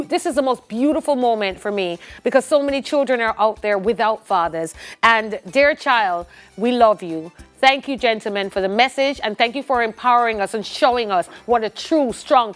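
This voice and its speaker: A woman's voice: fairly high pitch, animated, moderate pace, soft background music. A Jamaican woman hosting a morning TV interview, effusive and openly emotional. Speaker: TV morning show host.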